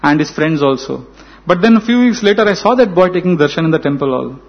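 A man with an Indian accent telling a story in a sermon, animated and acting out the dialogue. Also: fairly high pitch, quick pace. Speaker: spiritual speaker. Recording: dull lo-fi recording.

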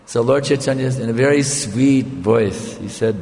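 An older male spiritual teacher with a gravelly voice tells a story in a sermon. He keeps checking in with his listeners in a conversational way. A long hall reverb trails his words. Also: mid-range voice, measured pace, hardly any pauses, a little mellow.

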